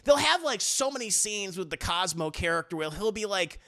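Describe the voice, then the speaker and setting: A man giving a casual, profane movie review on a live stream, animated and slipping into mock voices for the characters. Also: high-pitched, fairly quick. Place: home streaming setup. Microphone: desk mic on a live stream.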